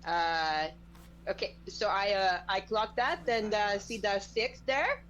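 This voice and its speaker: A woman's voice: medium pitch, slow pace, fairly bright tone, dull audio, a little hiss or hum. Hesitant woman playing a tabletop game. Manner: hesitant, filler-heavy, careful planning. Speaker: player. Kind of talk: casual tabletop play.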